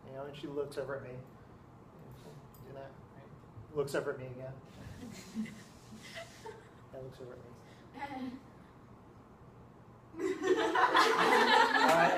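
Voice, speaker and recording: A man in his thirties, a teacher telling a lively story to his class, often checking in with his listeners. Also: a little high, slight background noise, poor audio. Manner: animated, keeps checking in with listeners.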